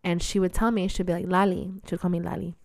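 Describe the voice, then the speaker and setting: A woman's voice: on the low side, steady tone, rapid-fire, creaky, darkish tone, no room sound, clean studio sound. A woman in her twenties telling candid stories in a casual monologue. She swears freely and laughs often. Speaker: vlogger.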